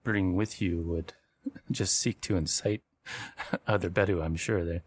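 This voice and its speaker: A man's voice: sits low, fairly even intonation, a little slow, husky, no room sound. A man voicing a dignified male desert village elder in a tabletop role-play, speaking formally and courteously.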